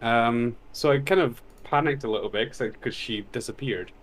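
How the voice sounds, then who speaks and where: A man in a relaxed conversation who rambles through a story with restarts and casual swearing. He laughs easily at his own anecdotes, his voice sitting at an ordinary middle pitch. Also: normal speed. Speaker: podcast host. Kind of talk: casual chat.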